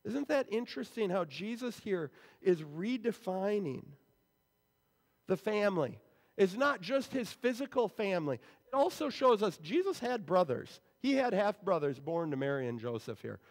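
A man's voice: high-pitched, animated, moderate pace. A male pastor giving a sermon in a church sanctuary, explaining scripture in a conversational way. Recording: long reverb in a church hall.

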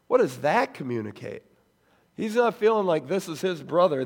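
A man preaching a sermon as a pastor, animated and acting out the voices he quotes. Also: on the high side, normal speed, creaky, slightly rough, big-room sound.

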